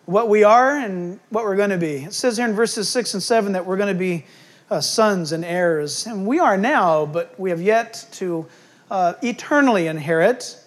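A man preaching a sermon as pastor, swinging between loud emphatic bursts and quiet, hushed asides. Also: sits high, moderate pace.

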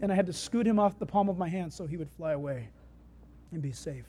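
Animated conversational preacher. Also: medium pitch, a little fast, slight background noise. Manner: animated, conversational, swings from loud to hushed. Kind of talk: sermon with storytelling.

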